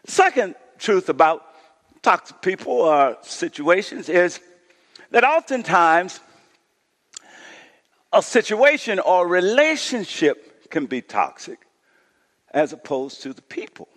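A male pastor preaching a sermon, reading scripture aloud and calling on the congregation to shout back responses. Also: high voice, very animated, slow, pauses often, big-room sound. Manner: reads scripture, voicing the complaining crowd with rising intensity.

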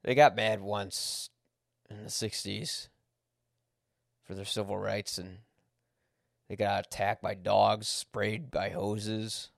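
Blunt, gravelly-voiced man ranting. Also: lowish voice, little pitch movement, slow pace, long pauses, dry recording, studio quality. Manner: blunt, swears when angry, corrects himself. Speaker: podcast host. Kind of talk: unscripted personal monologue.

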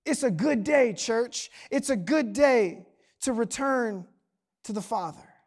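A young adult pastor preaching a sermon in a church service, talking casually and then building to impassioned shouting. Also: mid-range voice, lively intonation, slow.

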